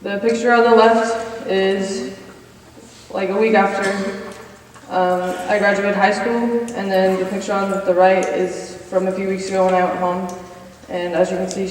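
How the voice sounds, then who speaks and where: A woman's voice: mid-range voice, darkish tone, a little hiss or hum. Earnest young woman in an echoey chapel. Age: 20s. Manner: earnest, reads from notes with slide cues. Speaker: college senior speaker. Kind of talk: personal testimony in chapel. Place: chapel hall. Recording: echoey hall from far off.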